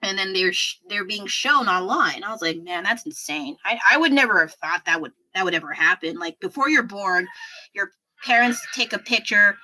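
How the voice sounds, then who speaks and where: Woman, 30s, bright voice, casual rambling livestream chat, self-deprecating asides. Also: medium pitch, expressive, normal speed, rough recording. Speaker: artist livestreaming while painting. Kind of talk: casual chat with viewers while painting.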